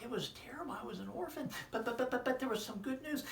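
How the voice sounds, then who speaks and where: A man voicing an excitable young boy, a former orphan, who stammers and repeats his words, heard in a roomy hall from far off. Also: extremely high pitch, quick pace, vocal fry, a little hiss or hum, voice pushed up. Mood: excited.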